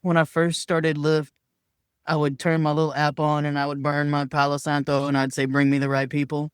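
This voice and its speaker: A man's voice: on the high side, completely flat delivery, normal speed, clear, resonant tone, no echo, studio quality. A man talking candidly as a podcast guest, earnest and emphatic, sometimes acting out his own past words in a raised voice. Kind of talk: candid conversational sharing.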